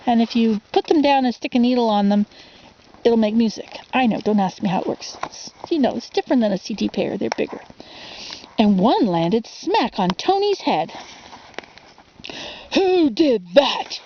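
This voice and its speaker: A woman's voice: a little high, expressive, moderate pace, warm tone, highs cut off, slight background noise. A woman casually reading a children's storybook for ASMR, rambling into asides and asking the listener questions.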